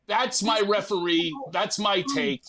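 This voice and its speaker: A man, a comedian guest, telling a comic story in an animated way and acting out quotes. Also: high-pitched, over a noisy crowd. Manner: acts out quotes with profanity, rapid asides.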